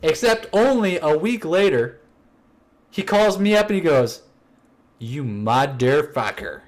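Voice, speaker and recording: A man co-hosting a casual podcast, telling a prank story and acting out the dialogue with lively voice changes. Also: unhurried. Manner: animated, acts out quoted dialogue with shifting pitch. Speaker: podcast co-host.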